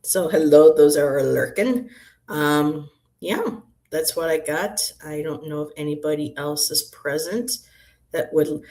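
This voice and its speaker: Low-voiced chatty woman reader. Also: a little slow, darkish tone. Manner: chatty, rambling, laughs often, greets viewers by name. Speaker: tarot reader and livestream host. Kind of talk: casual livestream chat with viewers. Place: apartment room.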